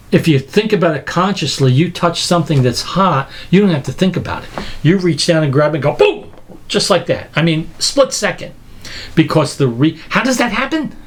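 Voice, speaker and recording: A man giving an animated lecture, emphatic and incredulous, acting out everyday examples as he goes. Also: on the high side, a little hiss or hum. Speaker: speaker teaching a lecture series.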